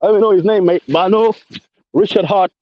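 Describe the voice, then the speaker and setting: A man with a London accent rants into a voice chat and keeps circling back to the same points. His voice sits a little high, and he throws mate and bro into nearly every line. The sound is dry and dull, like a lo-fi chat line. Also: fairly quick, dry recording. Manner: combative, repetitive, peppers speech with mate and bro. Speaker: caller in a voice chat. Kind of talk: ranting casual chat.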